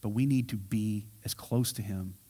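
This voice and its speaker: A man preaching a sermon as pastor, telling a Bible story with animated delivery and acting out the characters' lines. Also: on the low side, normal speed, slightly rough. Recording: reverberant hall sound.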